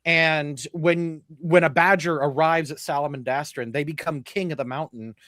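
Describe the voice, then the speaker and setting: A man's voice: on the high side, steady tone, moderate pace, fairly bright tone, no room sound, studio quality. A man chatting casually and rambling, with many "like"s and restarts. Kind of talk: casual chat.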